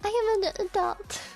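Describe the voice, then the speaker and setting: A young adult woman streamer with a very high, childlike voice chats casually and giggles often as she teases back at her chat. She speaks at an unhurried pace, with faint music playing behind her. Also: darkish tone. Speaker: VTuber streamer.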